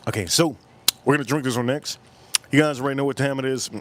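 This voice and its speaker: A man's voice: mid-range voice, steady tone, fast talker, fairly bright tone, slight background noise. Rambling man bantering with his live chat. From United States. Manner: drinking on stream between lines. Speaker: livestream host. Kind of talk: casual livestream chat.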